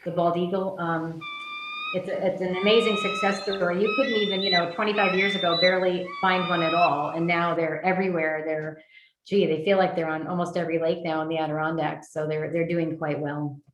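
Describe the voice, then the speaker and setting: A woman's voice: on the low side, steady tone, brisk, background noise. Chatty birding woman in an echoey room. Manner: chatty, with many fillers and restarts. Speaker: birding workshop presenter. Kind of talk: virtual lecture with slides.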